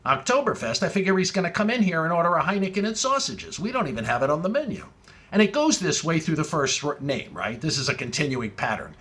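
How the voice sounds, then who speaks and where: Lively storytelling man, bright tone. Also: a little high, quick pace. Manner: wordplay-heavy, rising excitement in punchlines. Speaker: comedian. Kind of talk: stand-up storytelling.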